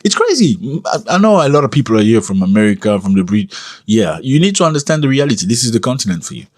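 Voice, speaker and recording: A man speaking English as a second language hosts a casual commentary, his voice husky with a mid-range pitch. He talks emphatically and keeps his delivery animated, with sudden rises in pitch whenever he stresses a point. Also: fast talker. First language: not English. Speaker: commentary channel host.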